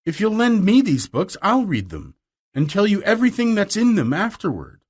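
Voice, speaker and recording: A bold, passionate young girl in a storybook reading, as a man puts her on. The voice sits high above a natural speaking register and lifts eagerly on its stresses, with a lively, swinging melody. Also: moderate pace, slightly rough, exaggerated voice. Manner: raised pitch, eager and emphatic. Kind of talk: audiobook reading.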